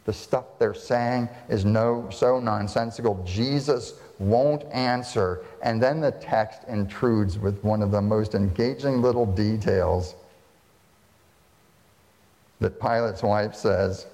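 Pastor preaching in an echoing hall. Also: male voice, lowish voice, slow pace. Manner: lively, asks rhetorical questions. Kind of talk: sermon. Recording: long hall reverb.

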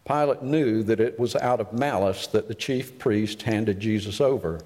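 A man reads scripture aloud as a lector, in a measured, formal way. His voice is somewhat low, and a long hall reverb carries after each line. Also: darkish tone. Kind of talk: scripture reading.

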